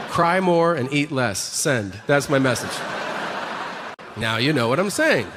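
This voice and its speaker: A man's voice: a little high, animated, unhurried, long reverb tail, background noise. A man performing a stand-up comedy set with sarcastic, mock-boastful, profane punchlines.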